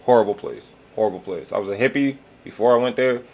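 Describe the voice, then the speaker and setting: A man's voice: fairly low pitch, quick pace. A man hosting a reaction video, rambling casually and swearing often in a laid-back drawl.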